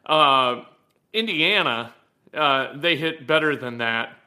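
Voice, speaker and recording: Bright-voiced blunt sports talk man. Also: a little high, expressive, slow. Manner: blunt, emphatic, rattles off stats. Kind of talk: opinionated sports commentary monologue.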